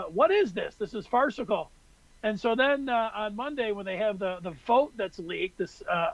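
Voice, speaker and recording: High-voiced man ranting about sports. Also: a bit bright, no room sound, muffled recording. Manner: rambling, exasperated storytelling. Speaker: podcast co-host. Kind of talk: casual sports talk.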